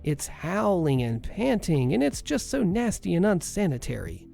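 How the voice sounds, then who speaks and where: A man's voice: sits high, sing-song, normal speed, creaky, warm tone, soft background music, full character voice. A man voicing a rude middle-aged woman patient who screeches and demands, scornful of everyone around her. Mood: shrill scornful.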